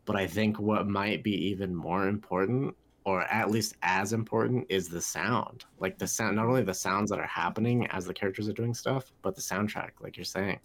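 A man's voice: fairly low pitch, fairly even intonation, moderate pace, hardly any pauses, a bit bright. A man co-hosting a film podcast, chatting casually and rambling with lots of fillers. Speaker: podcast co-host. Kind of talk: casual film review chat.

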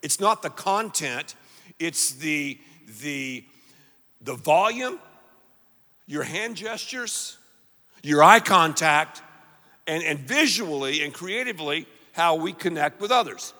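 A pastor delivers his sermon with a bright, forceful voice that sits a little high for a man. He is energetic and has the congregation repeat lines back to him. His words ring out with a long echo, like in a big hall. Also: slow pace. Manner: energetic, call-and-response with congregation. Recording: live hall reverb.

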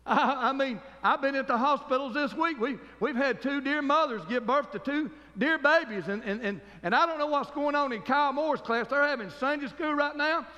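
A man's voice: very high-pitched, moderate pace, hardly any pauses, bright, forceful tone, big-room sound, dull audio. A man preaching a fervent sermon as pastor, calling for amens from the congregation.

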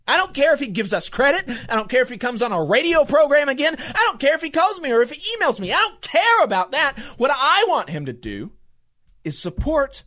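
A talk radio host with a drawl delivers angry political commentary. The voice swings widely in pitch and piles up repeated phrases with impassioned, ranting force. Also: big pitch swings, brisk, a bit bright. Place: radio studio.

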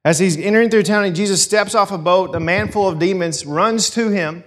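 A man's voice: high voice, brisk. A man preaching a sermon in a casual, storytelling way. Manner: conversational storytelling, animated. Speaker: pastor.

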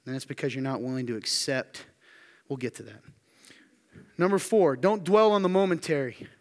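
A man preaching a sermon to a room, firing emphatic questions and dropping to quiet asides. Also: medium pitch, moderate pace. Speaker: pastor. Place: church hall with audience. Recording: long hall reverb.

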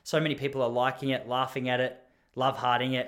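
A man's voice: mid-range voice, level tone, fast talker, fairly bright tone. A young man with an Australian accent telling a comic story in a rambling, self-mocking way, as a podcast host.

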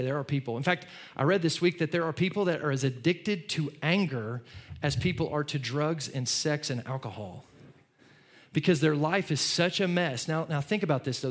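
A middle-aged male pastor preaching a sermon in a conversational way, repeating words and swinging from loud to soft. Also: on the high side.

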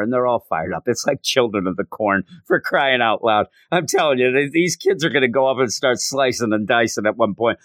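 A podcast host rambles through a casual comic book review, often interrupting himself. His mid-range voice has lively intonation at a normal speed, recorded dry with studio quality.

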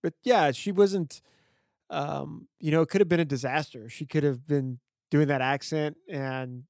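A man with a somewhat high voice co-hosts a movie podcast in a loose, conversational way. He fills his speech with ums and restarts. The sound is close and dry. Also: measured pace, gravelly, no room sound. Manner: relaxed, chatty, frequent fillers. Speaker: podcast co-host. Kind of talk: casual film discussion.

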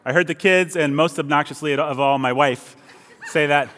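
A man's voice: on the high side, moderate pace, fairly bright tone. A man preaching a sermon, playful and chatty with the congregation. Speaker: pastor. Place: church service. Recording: long reverb of a church hall.

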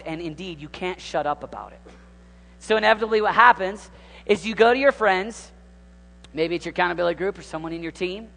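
A high-voiced man in his thirties preaches in a loose, conversational way. He rambles, drops to hushed asides and then jumps up into excited exclamations. His voice rings out with a long reverb. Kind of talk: informal sermon.

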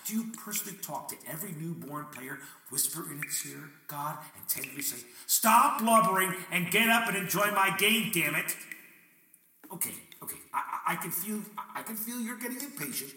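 A man's voice: high-pitched, sharp tone. A man delivering a dramatic spoken monologue addressed to God, theatrical and questioning, wry and prone to bursts of swearing. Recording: echoey room, mic at a distance, faint noise.

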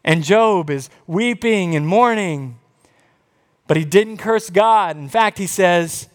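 A man preaching a sermon, telling Bible stories with animated quoted voices. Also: high-pitched, measured pace. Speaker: pastor. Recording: long reverb of a large hall.

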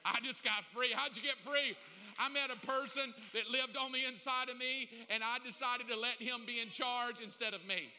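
A man preaching a sermon, swinging from hushed pleading to loud excited preaching, folksy and joking as he acts out little dialogues. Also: very high-pitched, moderate pace, long reverb tail. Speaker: pastor.

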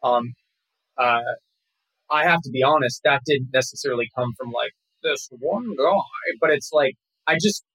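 A man talking casually as an actor guest in an interview, rambling and relaxed with many fillers and restarts. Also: medium pitch, normal speed, breathy edge, no echo, rough recording.

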